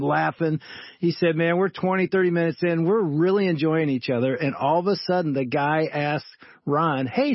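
A man who is a pastor, co-hosting a faith talk show and telling stories in an animated way, acting out the people he quotes. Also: on the high side, no echo, lo-fi sound. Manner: animated, acts out quoted voices. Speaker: pastor and co-host. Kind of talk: conversational storytelling.

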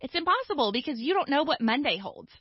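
A woman, a guest author, telling stories in a casual conversation with lively asides. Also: sits high, no room sound. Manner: lively storytelling with quick asides. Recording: dull dry studio sound.

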